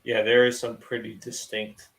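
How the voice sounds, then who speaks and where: Young east coast guy, kinda low voice, says like constantly, echoey room. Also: little pitch movement, moderate pace, creaky, a bit bright. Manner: chatty, says like a lot. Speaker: podcast host. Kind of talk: casual podcast chat. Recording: roomy echo.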